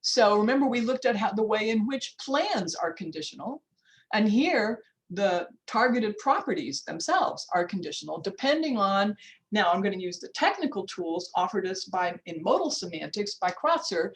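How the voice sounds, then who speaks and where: With a mid-range, sing-song voice at normal speed, an older US woman professor lectures on linguistics in a workshop over video call. Her manner is informal and chatty, marked by frequent restarts, asides, and time checks said aloud. The audio is poor.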